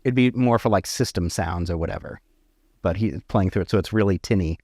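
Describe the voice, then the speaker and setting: A man's voice: deep voice, a little fast, darkish tone, dry recording, clean studio sound. A man narrating as game master, describing scenes at length with fillers and restarts.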